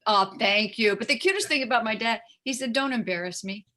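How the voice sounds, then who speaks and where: An older woman, a guest in an interview, chats casually in a slightly high, expressive voice at a slightly fast pace. She rambles with lots of fillers and slips into voices when quoting people, with crowd noise in the background.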